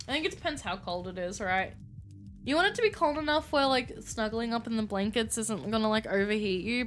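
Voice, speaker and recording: A woman's voice: medium pitch, a little hiss or hum. A woman chatting casually with her chat while live-streaming a game, rambling and filling with "like".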